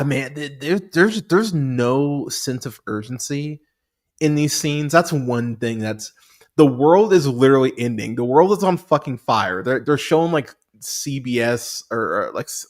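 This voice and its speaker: A man hosting a movie podcast, rambling through a profane casual review with lots of restarts and fillers. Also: medium pitch.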